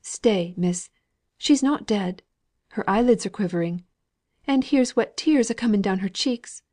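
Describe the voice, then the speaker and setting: A woman's voice: medium pitch, measured pace, a little mellow, pitched above the performer's own voice, natural voice. A woman voicing a chatty, gossiping female servant in an audiobook reading. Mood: anxious. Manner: chatty, confiding, homely speech.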